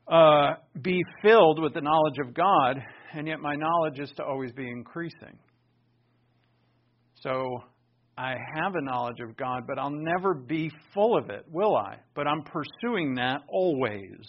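A man preaching a sermon, stressing key words with sudden loud bursts and dropping into quiet asides. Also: fairly high pitch, dull audio. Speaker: pastor.

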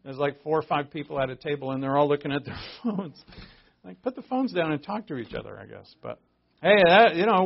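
A man with a gravelly, slightly high voice preaches in a conversational sermon style. He leans hard on key words and breaks off into asides. The recording sounds dull and lo-fi. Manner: conversational, emphatic, frequent restarts and asides. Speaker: pastor. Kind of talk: casual sermon. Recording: dull lo-fi audio.

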